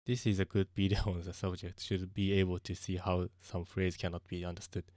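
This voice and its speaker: A low-pitched young man speaks English with a Japanese accent in a loose live-stream chat. He stops and restarts often as he hunts for words, mixing in Japanese. The sound is dry and close, with no room echo. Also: level tone, fairly quick, darkish tone.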